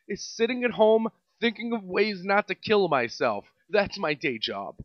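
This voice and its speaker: New York accent man, sarcastic comedic rant, high lively voice, dry muffled recording. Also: unhurried, few pauses, dry recording. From Staten Island, New York. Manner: sarcastic, mocking, swings between loud and muttered. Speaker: podcast host.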